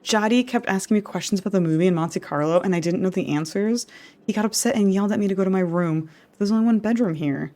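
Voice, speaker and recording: A woman reading the lines of an anxious teenage boy who rushes through an explanation. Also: mid-range voice, mellow, close to an everyday voice.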